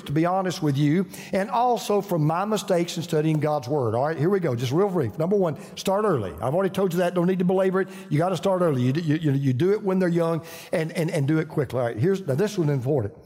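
An older man with a Southern accent delivers a sermon in a high, animated voice. He talks in a folksy, storytelling way and often restarts his sentences. His voice carries a long reverb from a big hall. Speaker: pastor.

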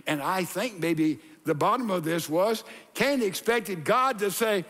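An older man, a pastor, preaching an animated sermon in a church and acting out voices, with hushed asides. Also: sits high, measured pace, few pauses, background noise. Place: church sanctuary. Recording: long hall reverb.

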